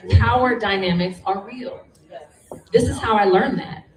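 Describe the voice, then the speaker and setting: Woman, interview guest, earnest, reflective, measured, mid pitch, roomy echo.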